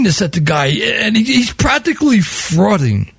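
Wry high-voiced New storyteller. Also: male voice, sing-song, moderate pace, few pauses, slightly rough, no echo. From New York. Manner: wry, sardonic, chuckling, wordy. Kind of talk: comic storytelling monologue.

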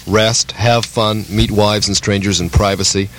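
Guy with a lowish voice doing a goofy improv bit on the radio, rambly and deadpan, lots of uhs. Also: slight background noise, rough recording. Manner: rambling, halting, deadpan absurd patter. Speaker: comedy performer. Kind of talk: improvised radio comedy banter.

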